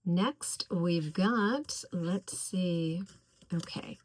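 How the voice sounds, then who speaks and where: A woman reviewing fragrances in a casual video, gushing over each scent and slowly listing its notes. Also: fairly low pitch. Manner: effusive, gushing about scents; slow, deliberate listing of notes.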